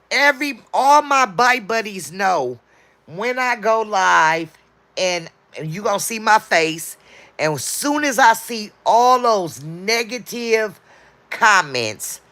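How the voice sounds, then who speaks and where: A woman's voice: mid-range voice, lively intonation, slow pace, pushed and bright. A woman livestreaming, chatting casually and answering her viewers' comments as they come in.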